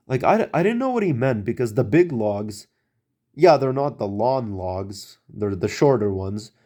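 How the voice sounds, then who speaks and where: A man's voice: fairly low pitch, mellow. A man casually telling a story to his camera, rambling and hesitant with many fillers and restarts.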